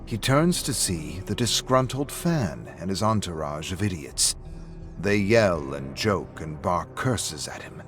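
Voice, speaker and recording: A man giving a steady, matter-of-fact scripted narration of a story. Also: deep voice, a little slow. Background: faint music.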